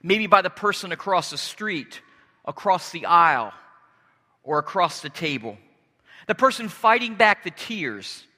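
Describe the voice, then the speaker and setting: A man preaching a sermon as pastor, earnest and deliberate, pausing and restarting as he speaks. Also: sits high, pushed and bright, long reverb tail.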